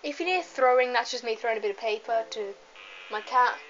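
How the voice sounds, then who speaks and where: A young woman gives loose, giggly commentary while playing a game at home, wandering off on asides. Her voice sits a little high. The camera mic makes it sound dull and lo-fi, with a faint hiss underneath. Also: animated, fairly quick, fairly bright tone. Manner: chatty, giggly, rambling asides. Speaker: let's play gamer. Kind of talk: casual gameplay commentary. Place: home room, moving away from the camera at times.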